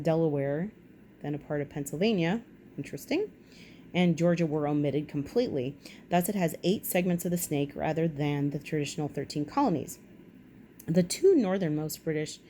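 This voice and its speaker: A woman's voice: deep voice, dark tone, slight background noise. A woman vlogger reading a history article aloud and breaking off often into chatty, wry comments of her own. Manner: chatty asides, wry and self-correcting. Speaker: vlog host.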